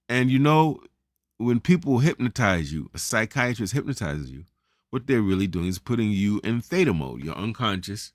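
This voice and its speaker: A man's voice: medium pitch, no room sound, studio quality. A man giving a motivational self-help talk, preaching in a casual, persuasive way, often asking "right?" and calling his listeners family. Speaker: empowerment coach.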